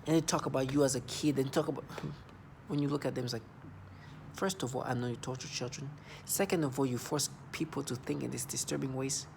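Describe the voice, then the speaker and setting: Agitated man in his thirties, gravelly. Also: medium pitch, steady tone, a little fast, a little mellow, slight background noise. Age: 30s. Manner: agitated, repetitive, accusing. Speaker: vlogger. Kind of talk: ranting monologue to camera.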